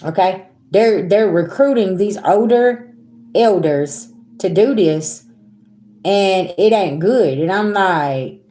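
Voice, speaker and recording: A young woman, telling a story to her viewers in a blunt, animated, profane way. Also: medium pitch, slow pace. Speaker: spiritual reader vlogger. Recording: roomy echo.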